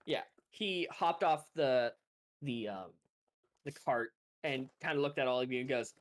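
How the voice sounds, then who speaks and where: A man narrating as game master in a loose, rambling way, quick to laugh. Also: medium pitch.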